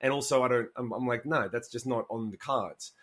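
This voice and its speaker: A man's voice: mid-range voice, a little fast, fairly bright tone. A man being interviewed as a musician guest, talking candidly, swearing freely and acting out quoted asides as he tells stories.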